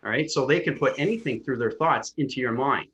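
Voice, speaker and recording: A man's voice: medium pitch, a little fast, fairly bright tone, low-quality recording. Man, insistent explainer, jargon-heavy, healer answering questions, casual lecture.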